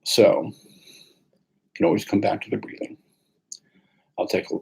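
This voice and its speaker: Male meditation teacher, low husky voice, unhurried guided-practice delivery. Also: low-quality recording. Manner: calm, unhurried, with pauses.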